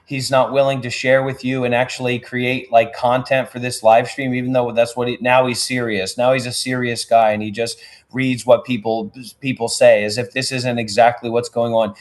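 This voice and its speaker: A man's voice: mid-range voice, little pitch movement, moderate pace. A man on a livestream, agitated and rambling, pleading with an AI and cursing. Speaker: livestream guest prompting an AI. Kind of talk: heated livestream talk.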